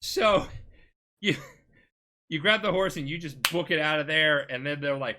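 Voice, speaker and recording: A man's voice: fairly high pitch, normal speed, background noise. A tipsy man hosting a casual podcast, rambling, swearing and giggling as he retells a game plot. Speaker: podcast host.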